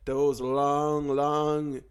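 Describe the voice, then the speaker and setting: A man's voice: a little high, flat delivery, very slow, clean tone. A young man co-hosting a casual comedy podcast, joking, laughing often and acting out bits in put-on voices. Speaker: podcast co-host.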